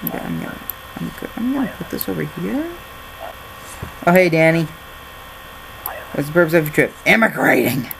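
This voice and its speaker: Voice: mid-range voice, sing-song, moderate pace, gravelly, long pauses, fairly bright tone, slight background noise, low-quality recording. A gaming channel host giving jokey let's-play commentary while reading game documents aloud.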